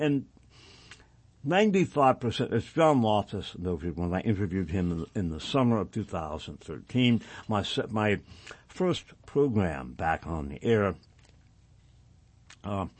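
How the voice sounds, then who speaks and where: A man's voice: on the low side, dry recording. A male radio host reading passages aloud and adding sardonic asides on air.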